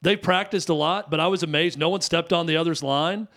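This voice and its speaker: Talking a little fast, this co-host in his thirties brings a fairly bright, slightly high voice to casual sports radio chat. He rambles through stories with lots of restarts and fillers.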